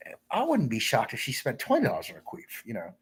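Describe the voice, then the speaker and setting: Husky man rambling on a livestream. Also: mid-range voice, wildly swooping pitch, quick pace. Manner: crude, repetitive, rambling storytelling; reads viewer comments aloud.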